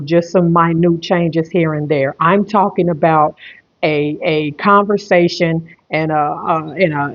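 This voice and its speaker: Tarot reader, online reading, repetitive, emphatic, rambling, mid-pitched, slightly dull lo-fi sound.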